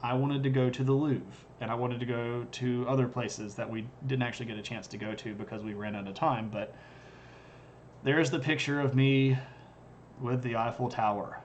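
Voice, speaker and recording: A man's voice: mid-range voice, fairly even intonation, normal speed, dull audio, a little hiss or hum. A man who hosts a history stream, chatting casually in a rambling, wry and self-deprecating way and often chuckling at his own jokes. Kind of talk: casual live-stream chat.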